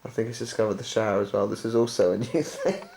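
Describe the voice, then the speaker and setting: A man's voice: on the low side, quick pace, vocal fry, darkish tone, slight background noise. A man filming his own holiday video diary, keeping up a wry, sarcastic running commentary from behind the camera. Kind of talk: casual camcorder video diary narration. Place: bus, hotel room and streets on a trip. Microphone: built-in camcorder mic, behind the camera.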